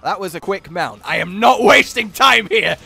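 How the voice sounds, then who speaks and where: A man chatting casually and joking excitedly while playing a game with friends. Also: sits high, moderate pace, creaky, husky, no echo. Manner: excitable, jokey, breaks into laughs. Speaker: gamer. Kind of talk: casual gaming chat.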